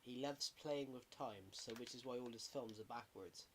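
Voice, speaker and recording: Man, gaming streamer, chatty and rambling, mid-pitched voice, faint keyboard clicking. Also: moderate pace, fairly bright tone, a little hiss or hum. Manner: rambling, self-correcting, chatty. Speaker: gaming livestreamer. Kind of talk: casual livestream chat while gaming.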